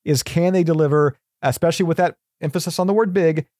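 A man's voice: a little high, quick pace, mellow, no echo, clean studio sound. A man joining a podcast as a guest in casual chat, earnest and hesitant, with many fillers.

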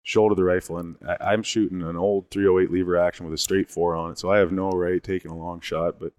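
A man casually telling a long story in an animated, rambling way, often restarting his sentences. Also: low voice, fast talker, smooth, no room sound. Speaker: guest telling a hunting story.

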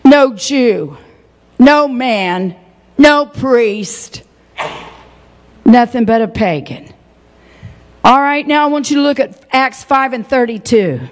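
A middle-aged woman preaching a sermon, switching between folksy asides and fiery shouting. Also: on the high side, expressive, slow pace, long pauses. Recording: long hall reverb.

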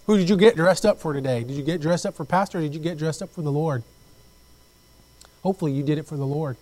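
A man preaching a sermon as pastor, telling stories with lively acted-out voices and repeating phrases as he goes. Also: fairly high pitch, fast talker, rough recording. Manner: animated storytelling, acts out quoted voices. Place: church.

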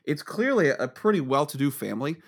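A man's voice: a little high, sing-song, a little fast. A man chatting casually on a podcast, rambling and swearing, often laughing as he tells stories. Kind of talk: casual chat.

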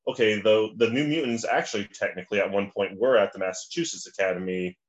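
A man's voice: on the low side, fast. A man chatting casually as a podcast guest, rambling with lots of restarts and fillers. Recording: slightly dull lo-fi audio.

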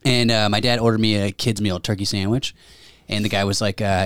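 A man in casual podcast chat, lively and quick to laugh as he tells his own story. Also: fairly low pitch, clean tone, dry recording, clean studio sound. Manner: lively, reactive, laughs easily.

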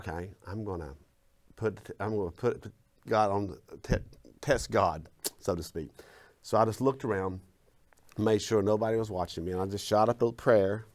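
Animated Southern storyteller, man. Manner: acts out his own quoted lines with big pitch swings. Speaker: guest, former minister.

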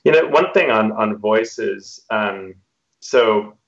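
A podcast host gives relaxed advice on running tabletop games. His voice sits low and has a gravelly fry. The sound is muffled and lo-fi. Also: takes it slowly. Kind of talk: podcast discussion. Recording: dull lo-fi sound.

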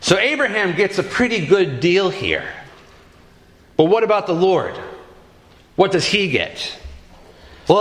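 A man preaching a sermon, telling stories with dramatic pauses. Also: high-pitched, fairly bright tone, roomy sound. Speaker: pastor.

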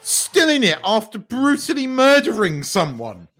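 A man's voice: very high-pitched, huge pitch swings, unhurried, a bit bright. A man co-hosting a podcast, blunt and sweary, ranting in casual chat. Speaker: podcast co-host.

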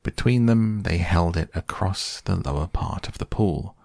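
Deep gravelly male storyteller. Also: measured pace, mellow, dry recording, clean studio sound. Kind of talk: reading a children's story aloud.

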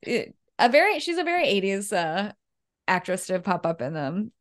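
A woman co-hosting a podcast, chatting casually in a halting, filler-heavy way. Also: medium pitch, sing-song, fairly bright tone, dry recording, studio quality. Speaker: podcast co-host. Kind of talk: casual chat.

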